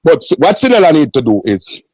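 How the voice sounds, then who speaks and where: A man with a Jamaican accent in a heated casual sports debate as a podcast co-host, holding the floor forcefully. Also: fairly high pitch, big pitch swings, a little fast, no room sound, poor audio.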